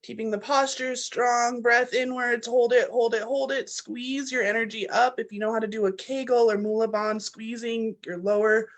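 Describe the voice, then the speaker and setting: A woman leading a guided breathwork class, coaching in an energetic, blunt manner with the odd swear word and chanting affirmations that build in force. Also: a little high, moderate pace, few pauses. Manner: chants affirmations, pushes louder toward the end. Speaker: breathwork and meditation leader.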